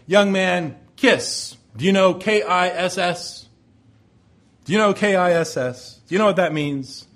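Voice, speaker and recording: A pastor delivers his sermon in a fairly high male voice. He speaks in an earnest, measured way, pausing to explain and restate his points.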